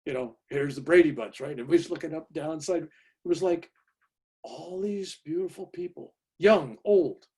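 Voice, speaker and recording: An older man in his seventies with a husky, slightly high voice tells a story with emphatic energy. He talks over a video call from home and often checks in with a quick question. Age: 70s. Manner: emphatic, lively, tag questions. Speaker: guest speaker. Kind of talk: animated personal storytelling.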